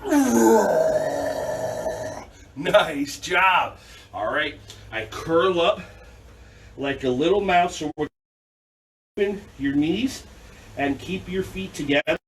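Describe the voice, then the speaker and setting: A kids' yoga teacher leads a children's class with playful, upbeat instructions and silly animal noises. His voice is a little high and fairly bright, and he speaks slowly with frequent pauses. A distant camera mic picks him up along with faint background noise.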